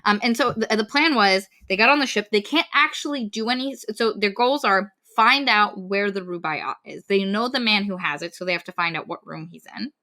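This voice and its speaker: A woman co-hosting a book-review podcast, talking casually and critiquing in an animated, exasperated way. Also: mid-range voice, a little fast, hardly any pauses. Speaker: podcast co-host.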